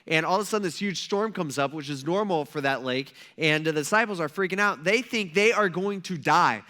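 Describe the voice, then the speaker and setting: A man's voice: on the high side, fairly quick. A male pastor preaching a casual, conversational sermon, telling stories and acting out quotes. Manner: casual, animated storytelling with acted-out quotes.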